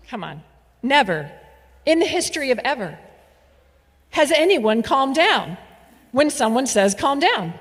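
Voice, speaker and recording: A woman telling a story on stage, playful and animated, with laughs and asides. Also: on the high side. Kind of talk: live storytelling performance. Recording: reverberant hall.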